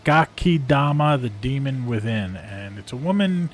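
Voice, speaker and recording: A man's voice: medium pitch, animated, measured pace. A man giving a casual, rambling review of video clips, amused and full of fillers. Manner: amused, rambling, frequent ums and uhs.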